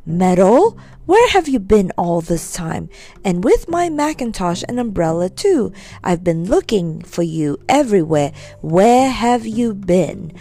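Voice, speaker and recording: A woman's voice: on the high side, very animated, measured pace, a little mellow. A woman voicing an angry aunt who scolds her nephew in a nasty, sarcastic way. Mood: angry scolding. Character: cross scolding aunt, sharp-tongued woman.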